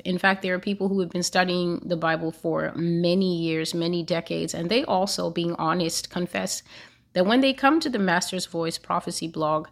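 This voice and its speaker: A woman's voice: fairly low pitch, a bit bright. A woman hosting her own prophecy channel, preaching earnestly with a repetitive cadence. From United States. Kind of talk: spoken sermon to camera.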